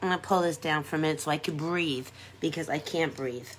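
A woman's voice: sits low, a little fast, a little hiss or hum. A middle-aged woman chatting casually with viewers on a live stream as she does her makeup, giggling and talking to her audience as she goes. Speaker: makeup vlogger.

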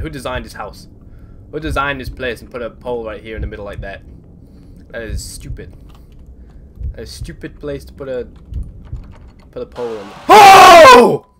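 A young man playing a horror game at home in his bedroom, commenting nervously and swearing at doors and noises. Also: mid-range voice. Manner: jumpy, swearing, talking to the game. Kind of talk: let's play commentary. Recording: clear background game noise.

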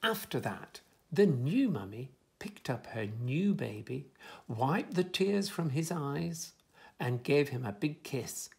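Slow, gravelly man reading a storybook. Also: fairly high pitch. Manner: gentle, expressive.

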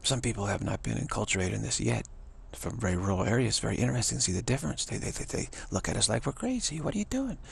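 Gravelly low-voiced man, rambling talk. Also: quick pace, hardly any pauses. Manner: repetitive, stammering restarts; mocking high voices for quoted people. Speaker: spiritual teacher.

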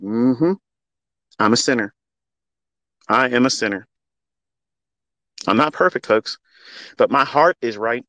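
This middle-aged trading mentor speaks slowly with long pauses, his medium-pitched voice sharp in tone and the recording dry. He talks into a phone while hosting a live audio space. The unscripted, heartfelt monologue is passionate and preachy, with blunt swearing.

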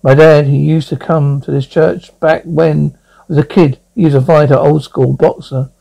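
A man's voice: fairly high pitch, steady tone, normal speed, vocal fry, dark tone, poor audio. A man voicing a brooding young blind lawyer at confession, stammering through his memories in an amateur audio drama.

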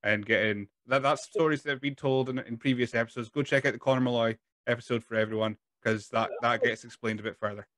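A man hosting a casual interview podcast, reading out listener questions in a relaxed, halting way. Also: mid-range voice, no echo. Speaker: podcast host.

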